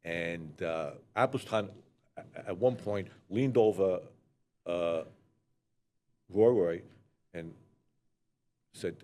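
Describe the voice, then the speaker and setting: A man's voice: low-pitched, takes it slowly, pauses often, mellow, a little hiss or hum. Blunt, swearing older New York man. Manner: blunt, rambling, swears freely. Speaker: co-host telling stories. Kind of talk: casual storytelling conversation.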